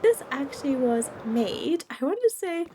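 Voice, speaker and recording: Young woman, slightly high voice, giggly, chatty, voice touched by a cold, faint background hiss. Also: big pitch swings, measured pace, mellow. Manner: chatty and giggly, talks to the game's creatures. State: voice affected by a cold. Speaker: gaming video creator. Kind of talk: casual let's-play commentary.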